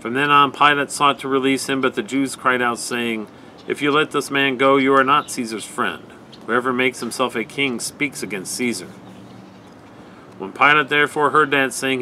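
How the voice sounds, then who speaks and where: A man leading a night prayer service, giving a measured, even scripture reading. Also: mid-range voice, a little hiss or hum, rough recording.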